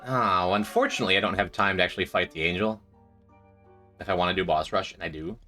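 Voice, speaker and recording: Faint music plays behind a young streamer whose low voice is quick, pushed and bright. He jokes around while gaming, keeping up casual commentary and answering messages from his chat.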